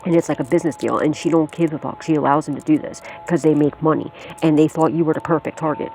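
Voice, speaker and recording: A woman's voice: deep voice, fairly even intonation, fast, a little mellow, soft background music. A woman giving a casual tarot reading to her viewers, blunt and repetitive, swearing freely and laughing often. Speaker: psychic tarot reader.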